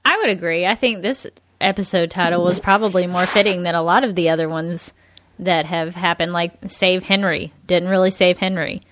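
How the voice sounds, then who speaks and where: A woman's voice: on the low side, fairly even intonation, moderate pace, fairly bright tone. A woman co-hosting a podcast in casual chat, laughing often and using lots of likes and ums. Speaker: podcast co-host.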